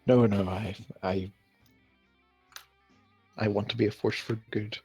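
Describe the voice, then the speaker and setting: A man's voice: lowish voice, steady tone, dark tone, slightly rough, dry recording, soft background music. A man playing an earnest half-orc. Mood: sincere. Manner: sincere, slow and halting.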